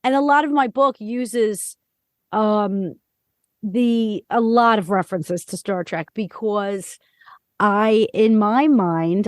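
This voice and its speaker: A woman's voice: mid-range voice, dry recording, clean studio sound. A middle-aged woman hosting a podcast, chatting casually with a rambling, filler-heavy way of talking. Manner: rambling, many fillers and restarts. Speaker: podcast host. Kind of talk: casual interview chat.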